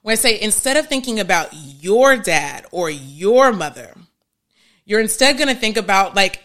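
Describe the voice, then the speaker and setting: Woman therapist, live-stream teacher; bright, forceful tone, emphatic with frequent restarts. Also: medium pitch, very animated, moderate pace. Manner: emphatic, restarts often, laughs at herself.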